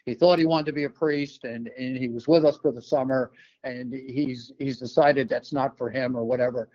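An older man from New York telling a personal story as an interview guest, relaxed, with many fillers and restarts. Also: medium pitch, normal speed, lo-fi sound.

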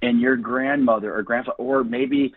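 A man's voice: mid-range voice, fairly even intonation, moderate pace, no echo. A man guest on a radio interview, talking earnestly and encouragingly like a preacher. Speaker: guest, ministry founder. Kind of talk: enthusiastic radio interview talk. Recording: dry phone-line audio.

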